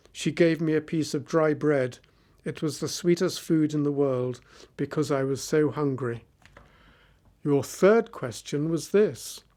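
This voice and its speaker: A man's voice: a little high, a little mellow, lightly acted. A man reading the part of a wise, sincere young prince in a storybook. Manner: measured, heartfelt.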